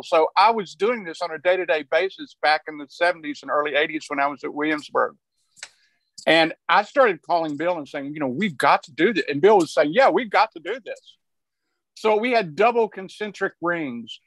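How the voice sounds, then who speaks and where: A man's voice: fairly high pitch, a bit bright, dry recording. An older man from Arkansas, telling a long story on a video call panel, rambling and restarting his sentences. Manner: rambling, restarts often, chuckles while telling. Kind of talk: conversational storytelling.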